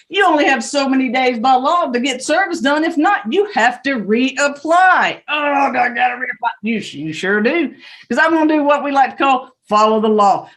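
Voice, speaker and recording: A woman judge with a Southern US accent giving brisk, stern and joking courtroom instructions over a video call. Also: sits high.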